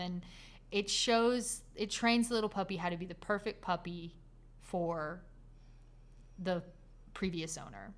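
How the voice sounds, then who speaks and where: A woman co-hosting a casual podcast, comforting a listener and telling a story with animated delivery. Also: medium pitch, slow pace, clear, resonant tone. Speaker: podcast co-host. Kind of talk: casual chat.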